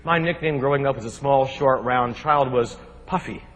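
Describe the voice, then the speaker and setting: A man from New Jersey giving a humorous keynote speech, telling adventure stories in an animated, joking way. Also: mid-range voice, normal speed, noisy background. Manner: animated, jokey, acts out shouts and quotes. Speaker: keynote speaker. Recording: long hall reverb.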